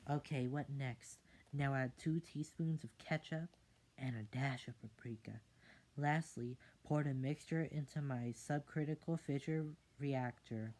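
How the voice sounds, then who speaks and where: A reader reading a picture book aloud in a casual, soft style, adding whispered side comments. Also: medium pitch, unhurried.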